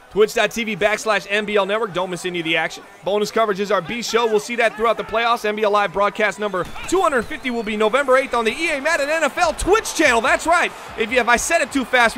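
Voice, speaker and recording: Excitable male stream host calling play-by-play; high, bright, forceful voice, talks to the chat. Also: a little hiss or hum. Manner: excitable, chatty, talks straight to the chat viewers. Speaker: livestream host and commentator. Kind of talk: play-by-play commentary on a football video game stream.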